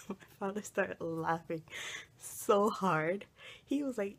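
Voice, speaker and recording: Young woman, husky lowish voice, chatty vlog storyteller who acts out her own lines. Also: normal speed. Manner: animated, acts out quotes, laughs often. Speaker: vlogger. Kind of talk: casual storytelling.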